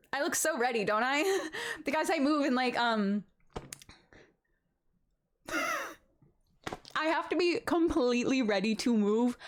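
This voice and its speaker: A young woman chatting casually with her live-stream chat from home, bubbly and rambling, laughing often. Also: a little high.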